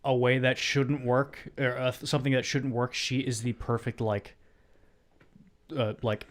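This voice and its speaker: Male co-host, deadpan and dry, relaxed movie talk. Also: medium pitch, unhurried. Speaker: podcast co-host. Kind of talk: casual movie chat.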